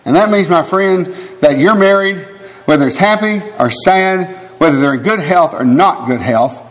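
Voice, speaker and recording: An older man preaches in a church hall, his voice pitched a little high and carrying a long reverb. He is emphatic and animated, stressing his points and dropping in quick laughs and asides. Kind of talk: sermon.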